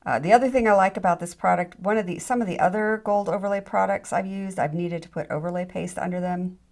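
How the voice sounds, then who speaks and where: A woman's voice: medium pitch, steady tone, fast talker, darkish tone. A middle-aged woman giving a chatty, self-deprecating hands-on jewelry demonstration, with frequent ums and restarts. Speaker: jewelry tutorial instructor.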